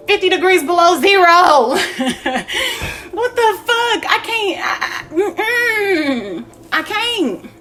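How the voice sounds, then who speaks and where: High-pitched animated woman vlogger. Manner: animated, swearing, laughing often. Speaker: spiritual vlogger. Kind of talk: casual profane monologue.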